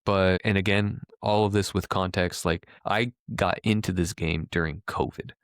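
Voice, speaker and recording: A man's voice: sits low, steady tone, moderate pace, smooth, no room sound, studio quality. A man therapist co-hosting a podcast in casual chat, reflective and hesitant, often restarting his sentences.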